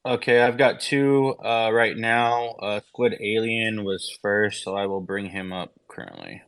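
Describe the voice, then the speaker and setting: A man's voice: on the low side, fairly even intonation, a little slow, fairly bright tone, dry recording. A man co-hosting an online chat, friendly and teasing as he brings people up. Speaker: co-host moderator. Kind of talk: casual chat.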